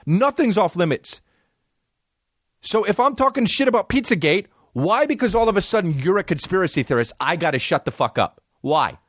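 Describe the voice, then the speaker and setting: A man's voice: high voice, big pitch swings, moderate pace, no echo, clean studio sound. A man in his forties hosting a podcast, telling profane comic stories and slipping into put-on voices. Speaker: podcast host. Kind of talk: comedic monologue.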